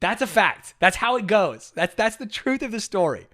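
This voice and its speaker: A man's voice: high voice, moderate pace. A young man, a streamer, telling a story in a casual, emphatic and defensive way. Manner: animated, emphatic, defensive retelling.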